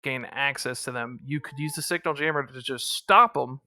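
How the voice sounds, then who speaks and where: A man's voice: mid-range voice, normal speed, pushed and bright, no room sound, studio quality. A man acting as game master, describing scenes in a casual way with many fillers. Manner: casual, filler-heavy explaining. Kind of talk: narrating a tabletop game.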